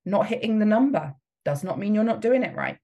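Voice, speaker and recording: A woman's voice: medium pitch, animated, brisk, dark tone, dull audio. A woman coach giving a motivational talk, emphatic and frequently laughing as she acts out the voices in people's heads. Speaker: business coach.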